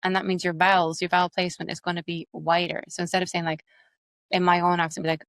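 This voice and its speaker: A woman with an Irish accent, an accent coach and actress, explaining her methods quickly and animatedly in an interview. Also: fairly low pitch, dry recording. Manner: fast, animated, explains with examples.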